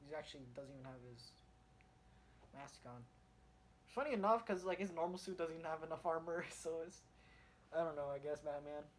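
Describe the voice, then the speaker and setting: Rambling, excitable man reviewing comics. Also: on the high side, fairly quick, long pauses, low-quality recording. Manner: rambling, full of fillers and restarts; excited retelling of the story.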